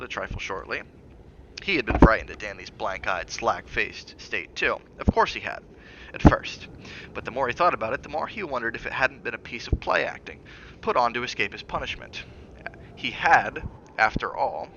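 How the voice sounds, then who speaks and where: A man reading a novel aloud on a stream, with steady dramatic emphasis. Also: mid-range voice, normal speed, gravelly, muffled recording, slight background noise.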